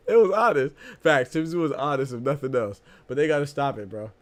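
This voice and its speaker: A man's voice: on the high side, fairly quick, hardly any pauses. A man hosting a boxing podcast live stream, talking casually and animatedly, laughing often and calling everyone "bro".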